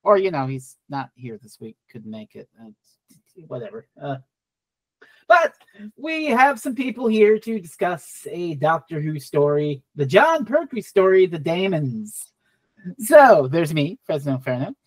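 Lively, jokey woman hosting a podcast. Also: lowish voice, unhurried, dry recording. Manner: jokey, playful introductions. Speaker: podcast host. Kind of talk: casual panel chat. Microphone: video call.

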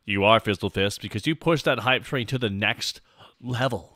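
A man's voice: on the low side, moderate pace, pushed and bright, no echo, studio quality. A man streaming as a VTuber in casual chat, joking goofily at his own expense and answering his chat. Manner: goofy, self-mocking, reads out chat.

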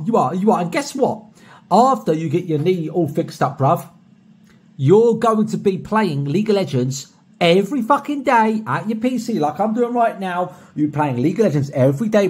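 Young british guy doing a shoutout vid, husky voice a bit high, swears nonstop, loud then soft. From Britain. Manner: boisterous and heavily profane, swinging from soft to loud. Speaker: streamer recording a paid shoutout. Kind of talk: personalized video message.

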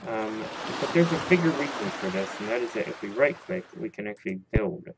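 A man's voice: lowish voice, animated, brisk. A man hosting a let's play, giving casual gameplay commentary in a rambling, jokey, self-mocking way. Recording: loud background noise.

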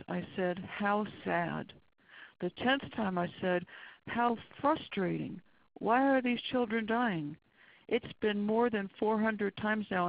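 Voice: medium pitch, vocal fry, no echo. A forensic pathologist giving a webinar lecture in an earnest, blunt and emphatic way. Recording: dull lo-fi webinar audio.

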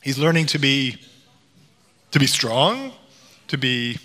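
A man's voice: medium pitch, very animated, takes it slowly, bright, forceful tone. A middle-aged man giving a public lecture, telling stories with playful voice impressions. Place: lecture hall. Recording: long hall reverb.

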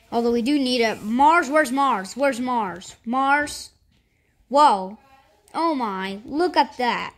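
A woman giving casual commentary over a space game, thinking aloud with lots of fillers and sudden excited outbursts. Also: a little high. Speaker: gameplay commentator.

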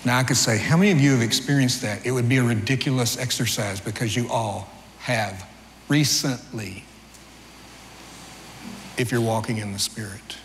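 A man's voice: fairly even intonation, moderate pace, pauses often, a little hiss or hum. A middle-aged male pastor giving a sermon in a conversational, storytelling way. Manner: conversational storytelling preacher, rises in pitch for acted dialogue. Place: church sanctuary. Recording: long church-hall reverb, faint ambience.

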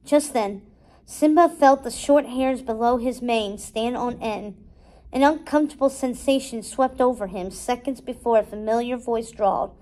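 A woman reading a storybook aloud with steady, expressive narration. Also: on the high side, moderate pace, low-quality recording. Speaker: storybook reader.

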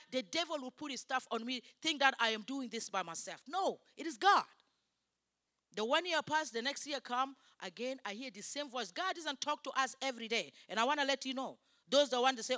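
Emphatic high-voiced woman preaching. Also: expressive, fairly quick, sharp tone, no echo, studio quality. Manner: emphatic, in broken English. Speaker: guest preacher. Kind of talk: sermon.

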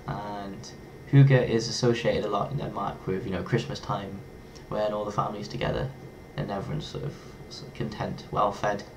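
A chatty man with a lowish voice talks straight to camera in a loose, playful way. He trips over hard words and laughs at his own fumbles. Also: moderate pace, vocal fry, few pauses, background noise. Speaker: vlogger. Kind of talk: casual talk to camera.

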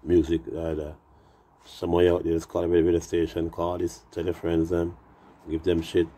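A man's voice: deep voice, completely flat delivery, normal speed, mellow. A Jamaican man in his sixties, telling rambling, profane, boastful stories in a casual live-stream chat. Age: 60s.

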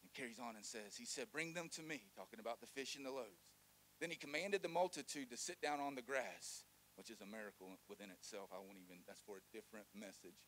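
A man preaching a lively sermon, joking and calling the congregation to repeat lines. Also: on the low side, fast, slight background noise. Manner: animated, joking, call-and-response with congregation. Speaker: pastor.

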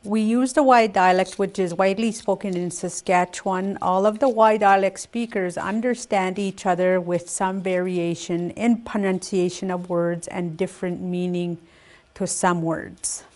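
An older woman gives a language lesson in a slow, careful voice. She sits a little low in pitch and says each word twice before she explains it. Her delivery is patient and unhurried. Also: fairly even intonation, a little mellow. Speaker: Cree language teacher.

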